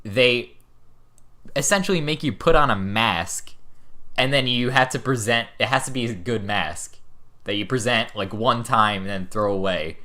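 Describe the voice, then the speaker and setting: A man's voice: mid-range voice, moderate pace, sharp tone. A man of about twenty, hosting a podcast, musing in casual chat and hedging with 'like' and 'you know'. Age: around 20. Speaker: podcast host.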